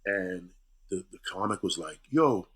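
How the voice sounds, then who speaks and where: A middle-aged male comedian telling stories in a casual interview, animated and acting out voices. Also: on the low side, moderate pace. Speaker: comedian guest.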